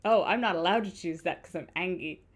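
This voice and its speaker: A woman's voice: fairly low pitch, brisk. A woman streamer reading a story game's narration aloud and dropping self-deprecating asides. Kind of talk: game let's play with read-aloud narration.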